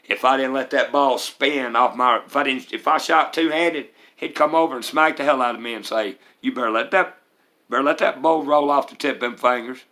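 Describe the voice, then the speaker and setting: In a bright, forceful, mid-range voice, a vlogger in his forties with a Mississippi accent tells the story of his life and recovery. He speaks plainly and openly, hesitating with fillers along the way.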